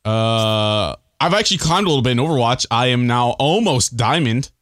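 A man returning as a guest on a casual gaming podcast, excitable and slangy, saying "dude" often. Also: mid-range voice, normal speed, no echo, clean studio sound.

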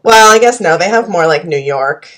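Female co-host, slightly low voice, relaxed filler-heavy chat. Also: moderate pace. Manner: easygoing, heavy use of "like". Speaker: podcast co-host. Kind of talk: casual chat.

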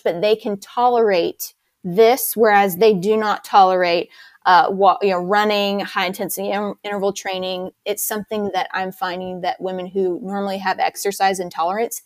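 A woman's voice: medium pitch, no room sound. Upbeat woman instructor, chatty explainer, dry room. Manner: enthusiastic, explanatory. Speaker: fitness instructor. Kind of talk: casual interview.

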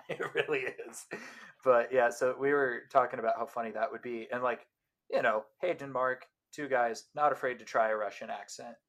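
A man's voice: medium pitch, fairly even intonation, moderate pace, a bit bright. A man in his late twenties co-hosting a podcast, talking casually in rambling stories with restarts and frequent laughter. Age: late 20s. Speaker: podcast co-host. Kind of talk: casual chat.

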